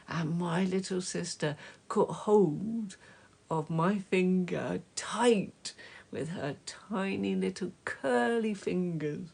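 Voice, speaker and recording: A woman reading a children's story aloud, slow and gentle, dropping to soft whispers at times. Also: fairly low pitch, creaky. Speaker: storybook reader.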